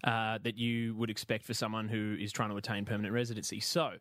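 A man's voice: monotone, quick pace, a bit bright, no room sound. Dry, rambling man telling a story. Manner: rambling storyteller, acts out voices with big pitch jumps. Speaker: podcast co-host. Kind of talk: casual chat.

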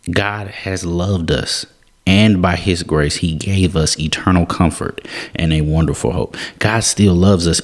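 A man's voice: deep voice, darkish tone. A young man, teaching a Bible passage in an earnest, casual way and often repeating and restarting his words. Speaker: devotional podcast host.

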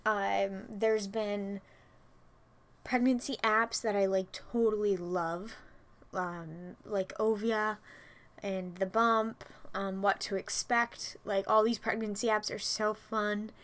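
Young woman host, casual chatty delivery, slightly winded, breathy asides. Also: mid-range voice, fairly even intonation, slow. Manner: chatty, frequent "like" and "you know", soft breathy asides. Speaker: podcast host. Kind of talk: casual solo chat.

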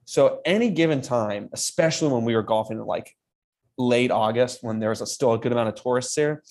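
A man in his twenties co-hosting a podcast, telling a story in casual chat, lively and often laughing. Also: medium pitch, fairly quick. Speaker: podcast co-host.

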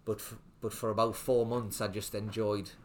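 A man's voice: lowish voice, little pitch movement, normal speed, slight background noise. A young man, a restaurant owner telling his story in a casual interview, rambling with lots of fillers and restarts. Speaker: restaurant owner, podcast guest.

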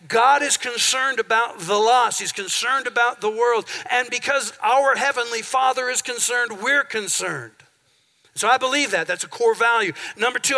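A man's voice: very high voice, pushed and bright. A male pastor preaching a sermon in a church, talking conversationally and calling on the congregation for amens. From central Minnesota. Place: church sanctuary.

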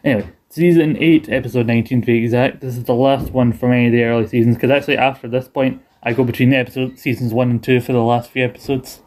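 A man's voice: mid-range voice, steady tone, fast talker, few pauses, darkish tone. A man hosting a casual chat, rambling through his favourite TV episodes, laughing often and trailing off mid-sentence. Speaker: podcast host.

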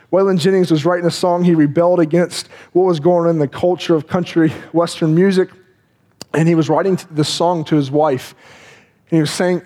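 A man's voice: fairly high pitch, dark tone. A man preaching a sermon in an earnest, conversational way, often repeating words and acting out people's inner thoughts.

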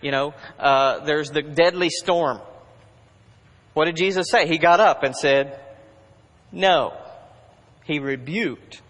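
A male pastor preaching a sermon in a church, conversational, moving between urgent bursts and hushed asides. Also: fairly high pitch, slow pace, long pauses. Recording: long reverb of a large hall.

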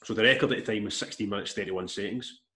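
A man telling a long story in casual chat, rambling and animated, with restarts and swearing. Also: on the low side, fast. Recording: echoey room.

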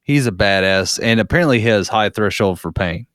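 A man's voice: lowish voice, expressive, a little fast, fairly bright tone, dry recording, studio quality. A man in a casual podcast chat, a profane, rambling storyteller.

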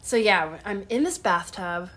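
A woman co-hosting a casual podcast, telling a ghost story with lively asides and laughter while getting over an illness with a cough. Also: medium pitch, unhurried. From part Sicilian and Italian heritage. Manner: animated storyteller, laughs often. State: sick with a cough. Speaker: podcast co-host.

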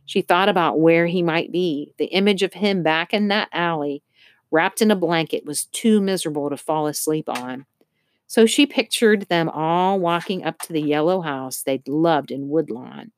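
A woman narrating an audiobook with expressive storytelling. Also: low-pitched, normal speed. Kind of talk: scripted narration.

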